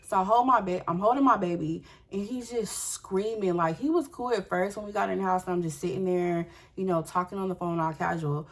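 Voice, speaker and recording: A young woman telling a storytime vlog. She is animated and profane and speaks straight to her viewers in a candid way. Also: medium pitch, fairly quick, few pauses.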